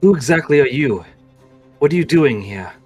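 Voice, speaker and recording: A man's voice: a little high, expressive, normal speed, darkish tone, husky, faint music behind. A man narrating a tabletop game as game master, explaining at length with hesitations.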